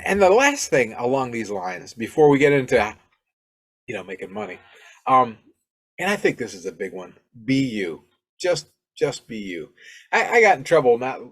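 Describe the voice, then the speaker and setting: A middle-aged man from Alabama hosting his own podcast, talking casually and rambling, with many fillers and restarts. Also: mid-range voice. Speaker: podcast host. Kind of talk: casual solo podcast talk.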